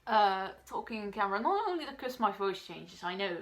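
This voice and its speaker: A woman's voice: mid-range voice, very animated, fairly quick. An eighteen-year-old woman whose first language is Dutch, talking to camera in her first vlog in a chatty, rambling way, with lots of fillers and restarts. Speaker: vlogger. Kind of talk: casual talk to camera.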